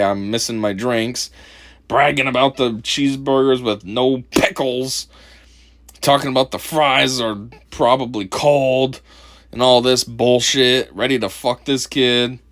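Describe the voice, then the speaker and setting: A man's voice: medium pitch, a bit bright. A man hosting a casual video commentary, mocking and profane, laughing often. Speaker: commentary channel host.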